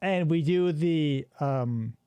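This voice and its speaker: A man's voice: on the high side, slow pace, warm tone, clean tone, no echo. A man hosting a podcast, riffing in casual chat and swearing freely. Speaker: podcast host.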